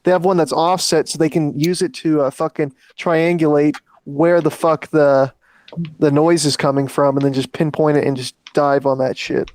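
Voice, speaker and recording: A man's voice: a little high, flat delivery, normal speed, darkish tone, no room sound. A man guesting on a live stream, chatting casually in a rambling, profane, matter-of-fact way. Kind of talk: casual chat.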